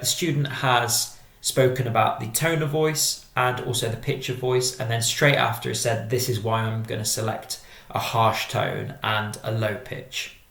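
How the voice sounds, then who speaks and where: A man teaching a drama exam-prep lesson, explaining each step in a measured, methodical way. His voice has a gravelly, creaky edge at a mid pitch. The recording carries a noticeable room echo. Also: fairly bright tone.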